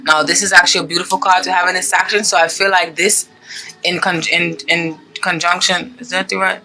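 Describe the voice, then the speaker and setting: A woman's voice: lowish voice, flat delivery, fairly quick, sharp tone, faint music behind, low-quality recording. A woman giving a casual tarot reading to her viewers, chatty and gushing, checking in with "okay?" often. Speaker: tarot reader.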